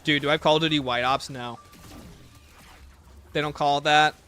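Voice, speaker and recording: A man's voice: a little high, steady tone, moderate pace, bright, forceful tone. A man streaming a game live, chatting casually with his chat in a joking, self-mocking way. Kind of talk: live gameplay commentary, reading chat. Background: faint game music playlist.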